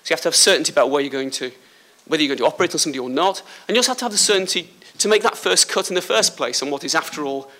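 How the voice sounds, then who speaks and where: A man from Liverpool with a slight Liverpool accent gives a school talk as a surgeon, chatty and joking with the pupils. His voice sits a bit high for a man and sounds bright and forceful. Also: expressive, very fast, few pauses. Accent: Liverpool English. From Liverpool, England. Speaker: guest speaker, surgeon. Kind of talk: school speech. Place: school hall.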